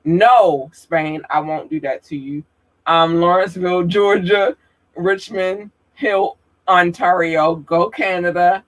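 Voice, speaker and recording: A woman hosting a podcast, reading out a long list of listener towns slowly and apologizing for possible mispronunciations. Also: lowish voice, steady tone. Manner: slow, careful, apologetic about pronunciation. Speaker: podcast host.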